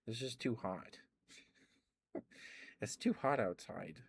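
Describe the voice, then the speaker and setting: A young man chatting softly at home for an ASMR stream, rambling, laughing often and repeating phrases. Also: on the low side, slow pace, creaky, a little hiss or hum. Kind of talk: soft-spoken ASMR chat.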